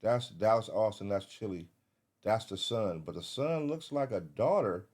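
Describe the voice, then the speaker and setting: A man giving live reaction commentary, excitable, swearing and thinking aloud as he searches. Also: on the low side, moderate pace. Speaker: reaction streamer.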